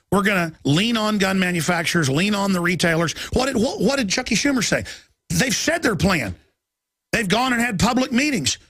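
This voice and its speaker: Man, talk radio host, urgent rant, high-pitched, dry studio voice. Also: a bit bright, no echo. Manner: urgent, ranting delivery; reads headlines aloud rapidly.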